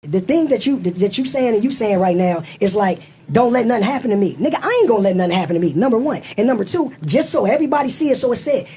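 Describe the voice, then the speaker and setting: Brash man, quick and high. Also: lively intonation, dark tone, slight background noise. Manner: brash, profane, boastful storyteller. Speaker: interview guest. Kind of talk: casual interview talk.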